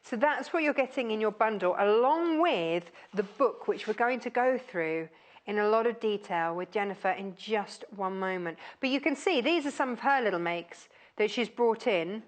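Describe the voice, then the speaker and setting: A woman's voice: mid-range voice, animated, moderate pace. A woman presenting craft products on a shopping channel, chatty and gushing with plenty of fillers.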